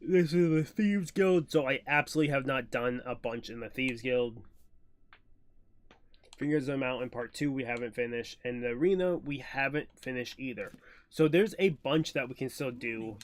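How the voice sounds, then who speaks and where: A man's voice: mid-range voice, normal speed. A male streamer giving casual gameplay commentary, rambling and thinking aloud.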